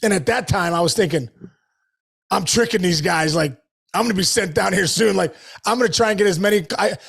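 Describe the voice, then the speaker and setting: Chatty high-voiced man with gravelly fry. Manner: animated storyteller, lots of "dude" and "like". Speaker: guest, former baseball player. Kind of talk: casual storytelling chat.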